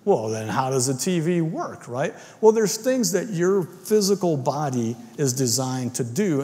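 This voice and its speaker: Chatty preacher with a ringing hall echo. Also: male voice, mid-range voice, a little mellow. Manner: informal, keeps asking "right?". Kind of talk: casual conversational sermon. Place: church sanctuary.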